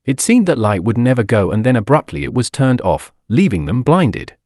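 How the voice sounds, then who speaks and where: A man narrates an audiobook with an expressive, dramatic reading. His pitch rises and falls a great deal. He sits close to the mic in a dry recording with no room sound. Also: normal speed, dry recording.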